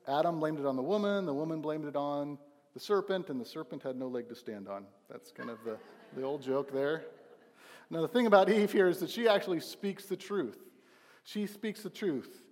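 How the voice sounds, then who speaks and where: A man's voice: on the high side, expressive, moderate pace, a little mellow, long reverb tail. A young man preaching a sermon at his church, earnest and emphatic, often restarting his phrases. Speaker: pastor.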